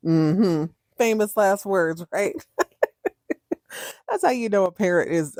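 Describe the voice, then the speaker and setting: A woman chatting casually as a podcast host, animated and acting out lines in different voices. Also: on the low side, normal speed, dry recording, clean studio sound. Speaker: podcast host recapping a TV drama. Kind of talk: casual chat.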